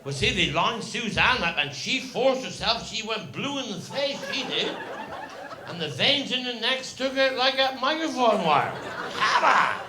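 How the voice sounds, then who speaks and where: A Cornish comedian from Cornwall, England, tells rambling comic stories on stage in an extremely high, expressive voice at normal speed. He repeats himself with folksy asides, recorded at an echoey live comedy venue with audience noise.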